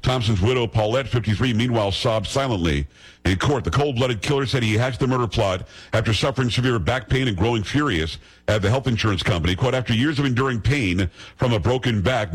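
A man's voice: mid-range voice, husky. A man hosting a talk radio show, giving blunt opinions and teasing his co-hosts. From United States. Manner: blunt, fast-talking, teasing.

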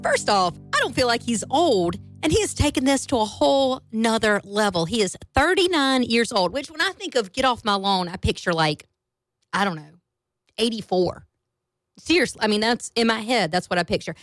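A woman radio host telling a story in a casual, animated and amused way from a studio. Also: a little high, normal speed, no room sound, soft background music.

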